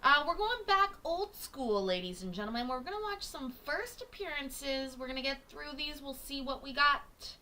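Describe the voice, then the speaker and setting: A woman's voice: high-pitched, animated, moderate pace, few pauses, pushed and bright, a little hiss or hum. A woman hosting a casual livestream from her kitchen, chatting with viewers in a jokey, self-teasing way and swearing freely. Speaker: livestream host reacting to court videos. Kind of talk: casual chat to a live audience. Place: home kitchen.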